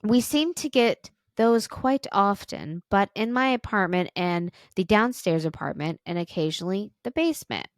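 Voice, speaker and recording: A woman's voice: medium pitch, expressive, normal speed, few pauses, no room sound, clean studio sound. A woman podcast co-host reading a listener's story aloud, with small stumbles and restarts.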